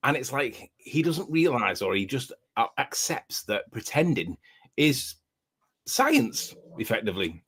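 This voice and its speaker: Scouse man, brisk explainer, mid voice, online call. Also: mid-range voice, big pitch swings, fairly bright tone, husky. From northwest England. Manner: brisk, explanatory, talking while eating. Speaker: guest presenter. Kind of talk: casual online debate chat.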